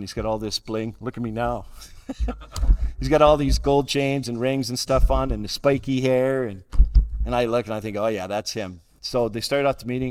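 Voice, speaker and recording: Wry middle-aged man telling stories. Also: medium pitch. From Calgary, Canada. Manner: self-deprecating, wry, chuckles at his own jokes. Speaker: guest speaker at a recovery roundup. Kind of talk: humorous personal storytelling talk.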